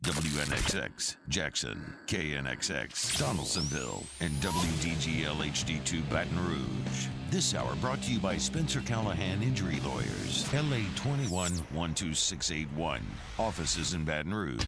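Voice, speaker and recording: Super deep guy doing radio station IDs, big swoopy delivery, loud music behind. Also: expressive, moderate pace, vocal fry. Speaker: station imaging voice. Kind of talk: radio station ID and sponsor read.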